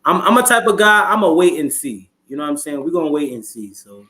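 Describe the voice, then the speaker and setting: A man with a somewhat high voice co-hosting a casual sports chat. He is laid-back and tends to repeat his words. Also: sing-song, quick pace, bright, forceful tone. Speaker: co-host.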